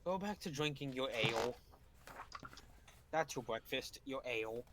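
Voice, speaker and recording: A man playing a tabletop game in casual chat, making sarcastic, quick asides. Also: mid-range voice, expressive, background noise. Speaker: player.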